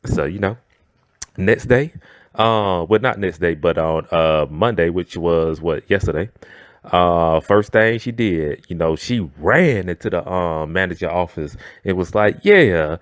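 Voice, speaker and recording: A man's voice: low-pitched, unhurried, no room sound, clean studio sound. A man telling a workplace story in a slangy, chatty way, often checking in with the listener. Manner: slangy and chatty, often asking "know what I'm saying". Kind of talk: casual storytime.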